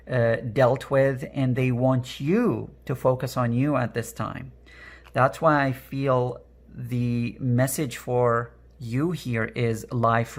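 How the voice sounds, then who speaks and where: A man with a raspy, strained voice giving an earnest pick-a-card reading, repeating phrases with many fillers. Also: mid-range voice. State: emotional, voice strained. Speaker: energy worker and tarot card reader.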